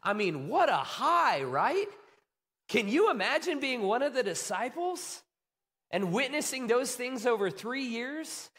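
A man preaching a sermon, retelling a story with animated, acted-out excitement. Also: extremely high pitch, a little slow. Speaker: pastor.

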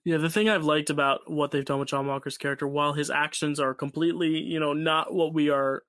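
Bright-voiced man co-hosting a review. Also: fairly high pitch, a little fast, no room sound, studio quality. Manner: relaxed, laughs often, reflective opinions. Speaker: podcast co-host. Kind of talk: casual review chat.

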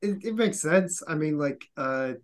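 A man in his thirties from the United States hosts a casual podcast. His voice sits a little high, and he talks in a profane, animated way, acting out the people in his stories. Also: a little slow. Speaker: podcast host, former intelligence officer.

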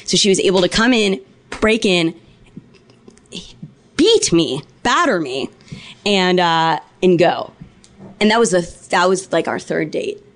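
A woman's voice: on the low side, a little slow, long pauses. Woman telling a profane story. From Los Angeles. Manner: profane, animated anecdote telling. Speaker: podcast guest. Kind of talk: casual storytelling.

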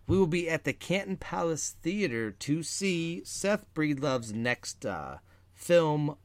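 Rambling lively man, dry sound. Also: medium pitch, no room sound. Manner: rambling, lively, many fillers and restarts. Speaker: podcast co-host. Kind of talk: casual chat.

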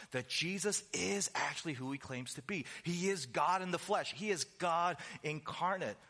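A man preaching a sermon, emphatic, with rhetorical questions, conversational asides and slowed stressed phrases. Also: a little high, bright, forceful tone.

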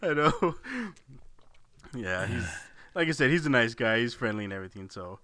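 A man's voice: mid-range voice, lively intonation, normal speed, bright, forceful tone, dry recording. A man co-hosting a podcast, chatting casually and laughing often as he retells stories and acts out what people said. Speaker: podcast co-host. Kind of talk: casual chat.

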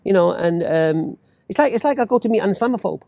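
A man telling a personal story in casual chat, animated and acting out the voices of others. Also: sits high, fast, vocal fry, dry recording. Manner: animated, acts out quoted voices, laughs while talking.

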